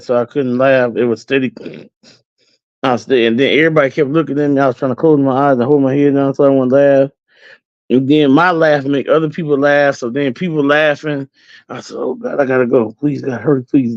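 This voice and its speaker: A man's voice: medium pitch, no room sound, dull audio. A man hosting his own channel, telling a story in a loose, chatty way to viewers and laughing easily as he goes. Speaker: channel host. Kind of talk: casual storytelling to livestream viewers.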